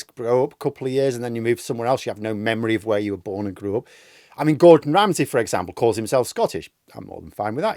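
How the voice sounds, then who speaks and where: A man's voice: fairly high pitch, no room sound, clean studio sound. A man hosting a political commentary monologue, speaking in a sarcastic, mocking way.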